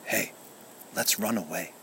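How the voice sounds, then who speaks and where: A man's voice: fairly low pitch, a little slow, fairly bright tone, slight background noise, poor audio. A man voicing a chipped toy soldier, proud and bitter, complaining in a storybook reading. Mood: resentful. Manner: complaining, resentful.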